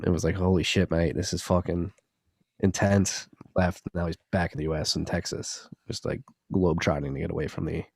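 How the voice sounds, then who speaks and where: A man's voice: deep voice, creaky, a little mellow, no room sound, clean studio sound. A man co-hosting a podcast in loose, rambling, profane casual chat. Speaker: podcast co-host.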